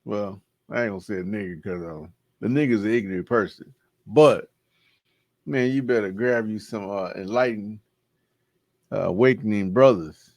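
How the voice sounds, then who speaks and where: A man's voice: lowish voice, normal speed, a little mellow, no room sound. A man hosting his channel, talking casually and slangily to viewers and laughing at a message he is reading out. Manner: laid-back slangy talk, laughing at what he reads. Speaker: channel host.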